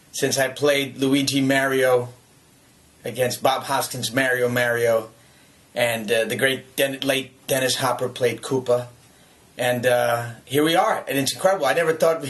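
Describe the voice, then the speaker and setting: Actor in his forties from the US, casual and chatty, mid-pitched, laughs through anecdotes. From United States. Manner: lively, chuckling storyteller with many restarts. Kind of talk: casual anecdotes in a video message.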